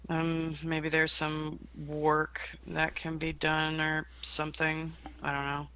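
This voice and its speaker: A person playing a tabletop game, making dry, unhurried remarks. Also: medium pitch, monotone, bright, forceful tone, a little hiss or hum. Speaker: player. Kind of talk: casual tabletop play.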